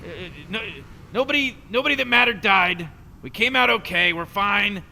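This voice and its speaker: Rick, a glib scheming old scientist. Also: male voice, sits high, moderate pace, creaky, bright, forceful tone, full character voice. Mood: placating. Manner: rambling, condescending, glib. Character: cynical mad scientist grandfather, scheming and dismissive. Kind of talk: video game voice acting. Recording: game audio with long reverb and faint noise.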